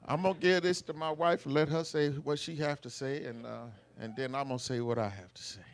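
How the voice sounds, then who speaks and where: A middle-aged man giving an emotional, storytelling tribute to his father at a family celebration, with loud folksy bursts. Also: on the high side, fairly even intonation, brisk, vocal fry. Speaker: eldest son giving a birthday tribute. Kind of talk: heartfelt family speech. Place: live family celebration event.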